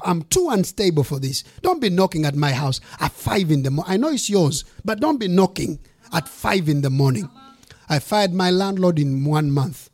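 A man's voice: a little high, darkish tone. A man, a bishop, preaching a sermon, telling a story with emphatic, punchy repetition.

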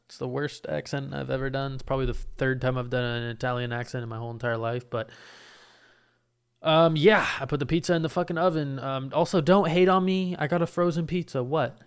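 A young man chats on his podcast from his apartment, wandering from topic to topic with plenty of swearing and self-mockery. His voice is mid-pitched and smooth, heard up close on a podcast mic. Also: steady tone, fairly quick. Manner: rambling, profane, laid-back, self-mocking. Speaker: podcast host. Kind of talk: casual solo podcast chat. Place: home apartment.

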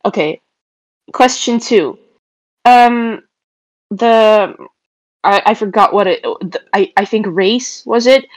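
A woman's voice: mid-range voice, slow, pauses often, no echo. A woman playing a tabletop game, asking questions in a blunt, playful way and swearing freely. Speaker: player. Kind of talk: casual chat in a tabletop game.

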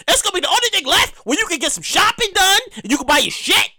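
A man's voice: extremely high pitch, very animated, fast, bright, forceful tone, no room sound. A man on a casual, profane rant to camera, emphatic and repetitive. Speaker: vlogger. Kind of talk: casual ranting monologue.

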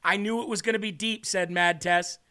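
Male podcast host, bright and high, earnest and a little teary while reading live chat. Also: steady tone, moderate pace. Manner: earnest, emotional, reads comments aloud. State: tearing up.

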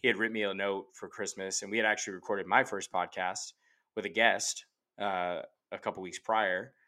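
A man's voice: low voice, little pitch movement, normal speed, bright, forceful tone. A man in his late twenties, a podcast guest telling a personal story in a rambling, earnest way full of "like" fillers. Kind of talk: casual storytelling. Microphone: remote call microphone.

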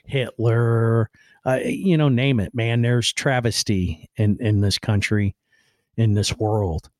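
A man's voice: medium pitch, fairly even intonation, slow pace, darkish tone, no echo, clean studio sound. A man hosting a podcast, delivering a blunt, rambling opinion monologue with casual swearing and frequent "right?" and "man". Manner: swears casually and then apologizes. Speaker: podcast host.

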